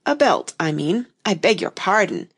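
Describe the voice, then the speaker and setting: A woman's voice: medium pitch, big pitch swings, moderate pace, breathy edge. A woman voicing a polite, curious seven-year-old girl in a storybook reading. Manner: polite, earnest. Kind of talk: audiobook reading.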